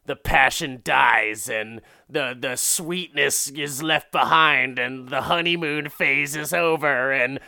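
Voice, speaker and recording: A man's voice: mid-range voice, slow pace, gravelly, few pauses, sharp tone, no room sound, heavily acted. A man doing a sultry obsessive woman. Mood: intense.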